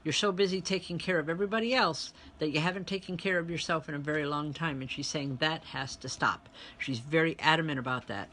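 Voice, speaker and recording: Bright-voiced woman giving a spiritual reading. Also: low voice, fairly quick, few pauses. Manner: chatty, speaks straight to online viewers, relays spirit messages. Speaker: spiritual medium and reverend. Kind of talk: live online spiritual reading.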